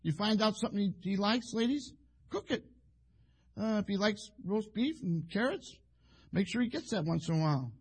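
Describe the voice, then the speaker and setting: Folksy husky-voiced preacher man. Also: high-pitched, expressive, moderate pace. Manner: folksy, rambling, acts out quoted couples. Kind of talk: sermon.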